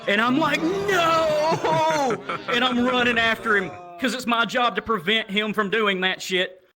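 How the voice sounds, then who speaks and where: A young man doing crude, animated stand-up storytelling that jumps up into loud shouts. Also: high-pitched, normal speed, background noise. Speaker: stand-up comedian.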